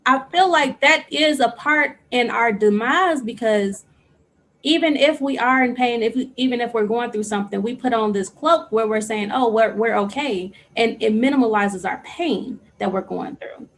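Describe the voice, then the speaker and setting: A woman's voice: fairly high pitch, normal speed. A woman hosting a podcast interview, reflective and asking long, winding questions. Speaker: podcast host.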